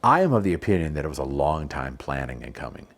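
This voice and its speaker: Deep gravelly man telling stories. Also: fast. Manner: animated, laughing storyteller. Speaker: podcast guest. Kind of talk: casual conversation.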